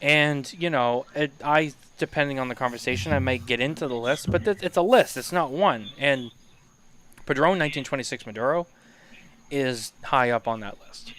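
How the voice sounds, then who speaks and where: A man co-hosting a casual talk show, animated and teasing, laughing often as he talks. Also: mid-range voice, normal speed, slight background noise. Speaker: podcast co-host. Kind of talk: casual chat.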